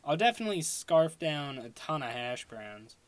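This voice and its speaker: A young Long Island man hosts his own casual solo podcast, rambling along with many fillers and restarts. His slightly high voice is sing-song, at normal speed, in a dry recording.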